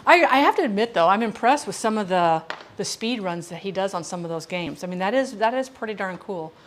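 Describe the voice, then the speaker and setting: A woman's voice: medium pitch, expressive, fairly quick, a little hiss or hum. A woman hosting a chatty live cooking stream, talking viewers through each step of a recipe and chatting with them as she goes. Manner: talks viewers through each step while reading chat. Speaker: home cook streamer.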